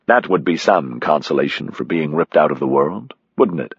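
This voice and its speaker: A man's voice: very deep voice, expressive, moderate pace, slightly rough, no echo, lo-fi sound, voice pushed down, full character voice. A man doing a blunt, cynical American man. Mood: sardonic.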